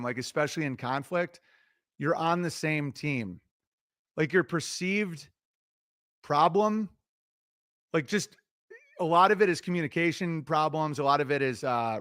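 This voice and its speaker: Animated, cussing middle-aged man. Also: a little high, no echo, studio quality. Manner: animated, profane, self-interrupting. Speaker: livestreamer giving relationship advice. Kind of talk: casual rambling monologue.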